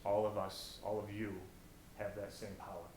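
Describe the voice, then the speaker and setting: An American man speaks from a stage in a big, echoey college auditorium. His voice sits fairly low and mostly level, with a faint hum of noise behind it. He tells inspiring stories, dropping to a hush and then rising loud. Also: monotone, normal speed. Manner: storytelling, swings from hushed to loud. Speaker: motivational speaker.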